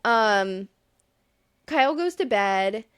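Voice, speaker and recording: A woman co-hosting a podcast, recapping a reality show in casual chat, exasperated and profane, with quick asides. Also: on the high side, expressive, fairly bright tone, clean tone, no room sound, clean studio sound. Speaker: podcast co-host.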